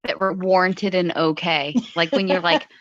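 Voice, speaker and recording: Woman co-host, sharp tone, blunt and teasing, lo-fi dry recording. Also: on the low side, fairly even intonation, normal speed, dry recording. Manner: blunt, playfully passive-aggressive. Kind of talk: casual chat.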